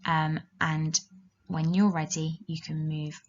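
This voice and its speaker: A woman teaching a children's language lesson, giving slow, clear, encouraging instructions. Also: sits low, flat delivery. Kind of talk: recorded classroom lesson for children. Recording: dull lo-fi recording.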